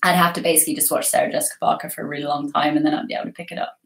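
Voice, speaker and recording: A woman's voice: low-pitched, level tone, very fast, creaky, a bit bright. A young woman hosting a casual livestream, chatting and giggling as she reads viewer comments. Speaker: livestream host. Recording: roomy echo.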